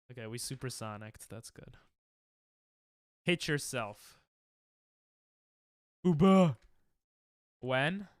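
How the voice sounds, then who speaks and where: Casting note: sick New guy, livestreaming a game and joking with chat, smooth voice, very lively pitch, dry close mic. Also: no echo. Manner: casual, jokey, reads and answers chat. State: sick, coughing. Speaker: streamer. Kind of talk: live-stream gaming chat.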